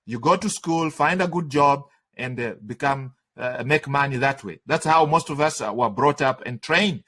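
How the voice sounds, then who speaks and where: A man's voice: mid-range voice, normal speed, a bit bright. Emphatic man teaching a webinar. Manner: emphatic, conversational, repetitive, checks in with "okay?". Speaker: trading instructor. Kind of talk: webinar lecture.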